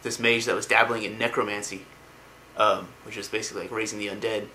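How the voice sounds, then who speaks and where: A man's voice: lowish voice, little pitch movement, fast talker, sharp tone, a little hiss or hum. A man casually retelling video game lore, rambling with lots of ums and likes. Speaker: lore explainer.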